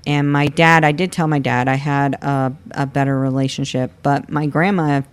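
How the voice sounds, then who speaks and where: Candid, halting man from Florida. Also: mid-range voice, fairly even intonation, clear, resonant tone. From Florida, United States. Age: 30s. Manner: candid, halting, with many restarts and fillers. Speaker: guest. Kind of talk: personal interview.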